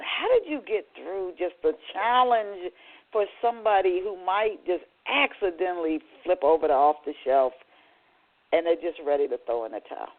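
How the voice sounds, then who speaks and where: A man's voice: high voice, moderate pace. A man hosting a radio interview, asking long, rambling questions full of restarts, heard over a phone line. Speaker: radio show host.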